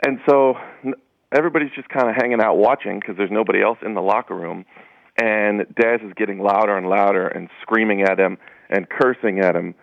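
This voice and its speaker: A sports writer, a man, telling a story in a casual, animated way as a guest on a radio interview. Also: lowish voice, fairly quick, gravelly, highs cut off. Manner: casual, anecdotal, animated retelling.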